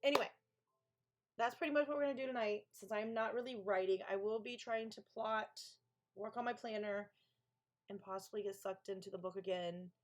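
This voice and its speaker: A woman's voice: mid-range voice, a little fast. A woman author hosting a co-working live stream, chatting casually, gushing and talking back to her chat.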